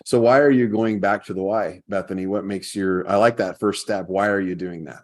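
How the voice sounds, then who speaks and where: Low-voiced male podcast host. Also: a little fast. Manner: storytelling, animated when quoting. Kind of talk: casual podcast chat.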